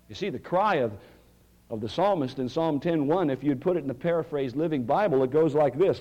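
Dramatic preacher man with a lively voice. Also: on the high side, fairly quick, dull audio. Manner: dramatic, swings from loud cries to near-whisper. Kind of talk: sermon.

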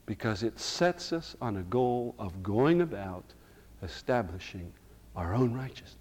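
A middle-aged man preaching a sermon in a church sanctuary. He drops to a hushed, slow delivery, then rises to loud, emphatic lines, with a voice of middling pitch. A long reverb from the hall trails each phrase. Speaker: pastor.

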